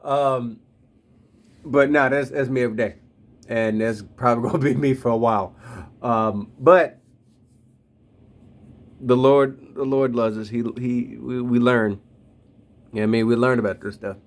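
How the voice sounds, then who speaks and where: A man's voice: medium pitch, fairly even intonation, moderate pace, long pauses. A man in his thirties reflecting on faith in a loose, slangy, rambling way, talking straight to his listeners. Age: 30s. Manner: addresses listeners directly. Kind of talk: casual spoken reflection on faith.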